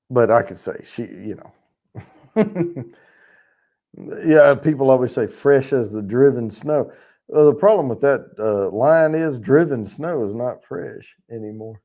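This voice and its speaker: A man's voice: mid-range voice, dark tone. A man hosting a casual livestream, rambling and chatting with viewers in the chat, swearing freely as he talks. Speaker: livestream host.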